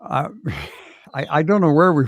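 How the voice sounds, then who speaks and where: A man's voice: fairly high pitch, huge pitch swings, unhurried, fairly bright tone, dry recording. A man guesting on a chat show, telling wry, self-deprecating stories about his acting work. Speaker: guest actor. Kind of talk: casual anecdotal chat.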